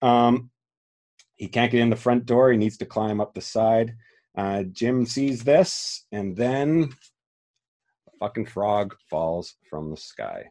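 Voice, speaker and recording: A man's voice: mid-range voice, takes it slowly, darkish tone. A man hosting a podcast, talking through a film in a rambling, emotional way with many restarts and some swearing. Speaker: podcast host. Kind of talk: casual film discussion.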